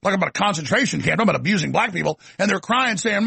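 A middle-aged male host rants through a political monologue in a high, very gravelly voice. His tone is bright and slightly husky, and the sound is dry and close. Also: big pitch swings, racing, hardly any pauses, dry recording. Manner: ranting, emphatic, rambling. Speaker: talk show host. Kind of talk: political talk-show monologue.

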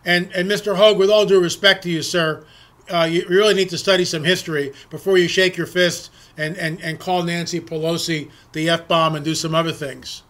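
A man's voice: on the high side, fairly even intonation, fairly quick, fairly bright tone. A man delivering an emphatic political monologue to his audience, often repeating words and restarting sentences. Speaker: political commentator.

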